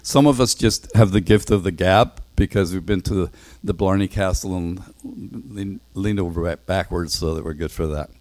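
A man teaching a Bible passage in an animated storytelling way, acting out the characters' dialogue and often restarting his words. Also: deep voice, moderate pace, dry recording. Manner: animated, acts out dialogue, self-correcting.

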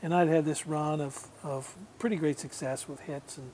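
A man with a somewhat high voice tells a story in easygoing conversation, wandering and laughing as he goes. He speaks as a guest musician, over a faint hum of room noise. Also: moderate pace. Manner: relaxed, rambling, laughs often, mimics voices in anecdotes. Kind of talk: casual storytelling.

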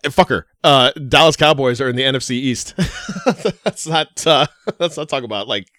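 A man's voice: medium pitch, expressive, moderate pace, a bit bright, no room sound, studio quality. A man co-hosting a casual wrestling podcast, loose and jokey, laughing often. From New York State. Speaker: podcast co-host.

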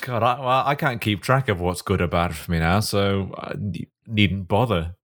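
A man with a low voice trades dry, sardonic quips on a comedy podcast. His delivery stays understated and deadpan. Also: normal speed. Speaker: podcast co-host. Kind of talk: casual comedic chat.

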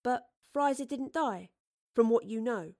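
A woman voicing a plucky, blunt young female companion with a brisk, down-to-earth manner in an audiobook. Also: a little high, gravelly, mellow, voice pushed up. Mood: plucky, quizzical.

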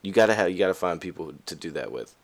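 Man, very low voice, podcast host, casual motivational talk, candid, fillers and restarts, spikes of emphasis. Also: quick pace. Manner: lively, pitch jumps high for emphasis.

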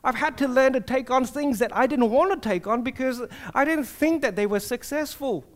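High-voiced man preaching earnestly. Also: normal speed. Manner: earnest, personal preaching with rhetorical questions. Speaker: pastor. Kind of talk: sermon.

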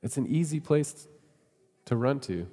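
A man's voice: medium pitch, lively intonation, a little slow, warm tone, in a large hall. A man preaching a sermon in a conversational way, often asking his listeners questions. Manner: conversational, asks the congregation questions. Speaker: pastor.

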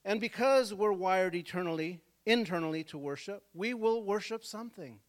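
A male pastor preaching a sermon in a church service, telling stories and calling on the congregation to answer, swinging from soft talk to loud shouts. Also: high-pitched, normal speed. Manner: calls for congregation responses.

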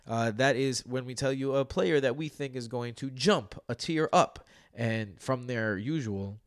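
A man's voice: medium pitch, normal speed, few pauses. A man hosting a casual fantasy football podcast, running through injury news with joking asides.

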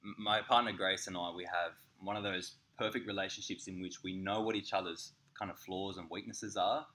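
Sweary man with a very low voice. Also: fairly quick. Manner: candid, sweary storytelling with lively impressions. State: slightly sick. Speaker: podcast co-host. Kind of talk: casual chat.

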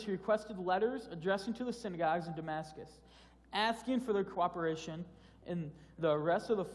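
Man, preacher, high-pitched, conversational sermon, repeats and restarts words, echoing church hall. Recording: long hall reverb.

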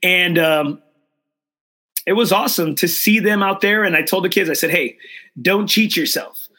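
A middle-aged male host with a high, bright, forceful voice. He talks with open emotion and enthusiasm, circling back and repeating his points as he goes. His delivery is casual and heartfelt. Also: normal speed. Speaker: golf show host. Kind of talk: casual chat, live show sign-off.

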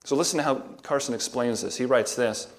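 A pastor with a mid-range voice preaches a sermon, reading scripture aloud and then explaining it in a measured, emphatic way, using rhetorical questions.

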